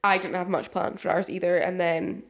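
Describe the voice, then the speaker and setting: A woman's voice: lowish voice, steady tone, moderate pace. Young woman, podcast co-host, chatty storyteller who does the voices in her own stories. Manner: chatty storyteller, acts out quotes, laughs often. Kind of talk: casual chat.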